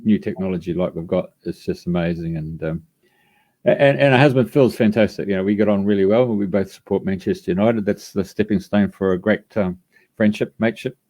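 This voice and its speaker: A man's voice: low voice, fairly quick, darkish tone. A man hosting a live radio show, introducing a guest in a rambling way with many fillers. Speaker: radio host.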